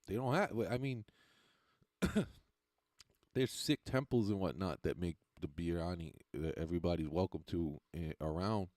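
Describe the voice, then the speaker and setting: A man with a fairly low voice talks loosely to his livestream viewers. He rambles, swears freely and keeps laughing at his own jokes, all in a dry, close sound with no room echo. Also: expressive, moderate pace, a little mellow. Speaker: stand-up comedian and livestreamer. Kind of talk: casual livestream chat with viewers.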